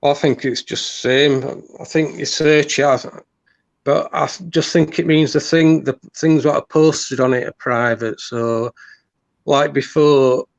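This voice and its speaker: A gravelly-voiced man joining over a dull, dry-sounding remote line. He rambles bluntly, restarting his sentences as he goes. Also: on the high side, fairly even intonation, a little slow, dry recording. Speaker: guest. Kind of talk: casual chat.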